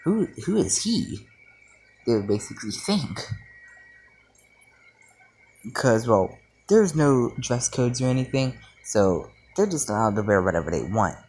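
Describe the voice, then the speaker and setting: A man's voice: lowish voice, very animated, unhurried, pauses often, darkish tone, slightly rough. A young man casually telling a fan story, rambling with fillers and slang.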